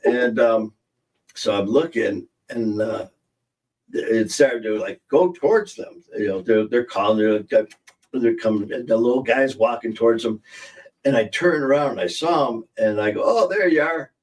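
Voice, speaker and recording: A man's voice: fairly low pitch, steady tone, moderate pace, darkish tone, distant mic. Rambling man telling funny stories. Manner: rambling anecdotal storytelling, laughs at his own jokes. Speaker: podcast host. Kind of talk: casual live-stream chat. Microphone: streaming setup mic.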